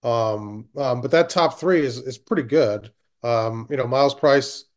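A man reporting on college football in a casual chat, his voice at a middle pitch. He hedges and fills his pauses with ums and you-knows as he talks players and coaches.

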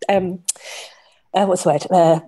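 Mellow-voiced woman host, emotional. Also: on the low side, steady tone, a little slow. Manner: tearful, apologetic, stumbling for words. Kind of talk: conversational interview.

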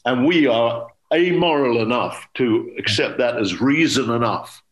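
An older man, an English actor, telling anecdotes in a relaxed interview and acting out quoted dialogue. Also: mid-range voice, a little slow. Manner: lively storyteller, acts out quoted dialogue. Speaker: actor guest.

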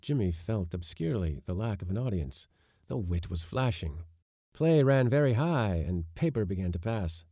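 A man narrating a literary short story in a measured storytelling way, lifting his voice for the lively moments. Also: fairly low pitch, no room sound, clean studio sound. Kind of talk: scripted audiobook narration.

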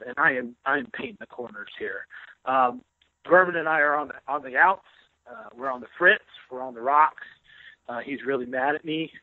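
His voice mid-range and free of echo, a male sports columnist trades humorous anecdotes during an informal phone-in podcast chat. He's boisterous and jokey, and the line sounds tinny.

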